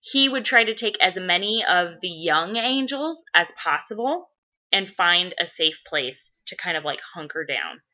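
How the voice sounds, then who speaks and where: A woman's voice: lowish voice, very animated, a little slow, sharp tone. A woman chatting casually as a role-play blogger, rambling and swearing a lot. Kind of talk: casual chat. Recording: dull lo-fi recording.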